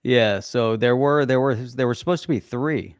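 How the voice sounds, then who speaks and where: A man's voice: medium pitch, moderate pace, clear, resonant tone, no room sound, clean studio sound. A man co-hosting a live crypto talk show in a laid-back, casual chat. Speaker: co-host.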